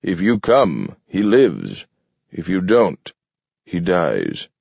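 Grave gray-haired doctor guy as a man reads him, deep slow firm voice, dull dry lo-fi sound. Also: huge pitch swings, vocal fry, darkish tone, slightly rough, no room sound, exaggerated voice. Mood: stern.

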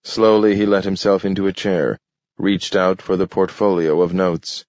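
A man narrating an audiobook story in a measured, descriptive manner, in a dull lo-fi recording. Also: sits low, level tone, darkish tone, no echo. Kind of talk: scripted narration.

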